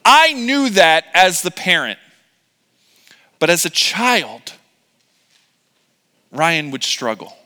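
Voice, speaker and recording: A man's voice: high voice, huge pitch swings, slow, pauses often, bright, forceful tone, in a large hall. A middle-aged man preaching a sermon as pastor, in a casual, joking, conversational way with many fillers.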